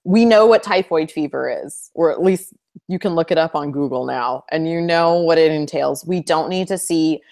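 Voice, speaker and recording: A woman co-hosting a casual fan discussion show, animated and acting out lines in funny voices. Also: deep voice, moderate pace. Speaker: podcast co-host.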